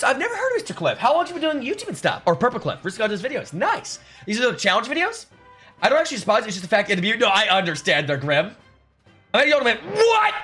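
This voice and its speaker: High, lively, sarcastic young streamer guy. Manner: sarcastic, joking, stammering restarts. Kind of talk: casual live-stream chat reading viewer comments. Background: faint music.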